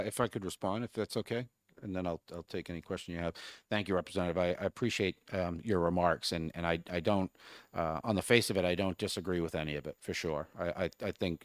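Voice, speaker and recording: A man testifying as a bill sponsor before a legislative committee, earnest and halting as he works through his points. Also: low-pitched, no echo. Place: state house committee room.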